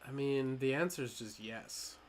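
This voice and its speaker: A man's voice: mid-range voice, normal speed, slight background noise. A laid-back man from New Mexico talks through his gameplay. He jokes and thinks aloud in an easy, casual way. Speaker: gameplay commentator. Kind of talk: casual gaming commentary.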